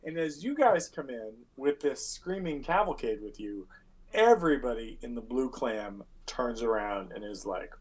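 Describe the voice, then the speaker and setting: A man's voice: medium pitch, expressive, moderate pace. A man running a tabletop game as game master, casual and profane, acting out scenes with sound effects.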